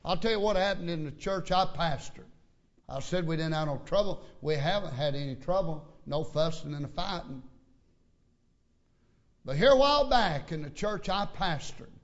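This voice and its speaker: A man's voice: on the high side, animated, moderate pace. Folksy preacher man, muffled recording. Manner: folksy, repetitive, stammering restarts. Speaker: pastor. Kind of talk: sermon storytelling. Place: church.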